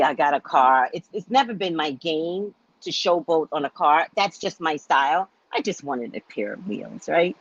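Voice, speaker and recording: A woman's voice: lowish voice, no room sound, muffled recording. A middle-aged woman, a psychic host, telling a personal story in a chatty monologue and acting out the voices of the people in it. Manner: animated, acts out quoted voices, chatty asides like "right?".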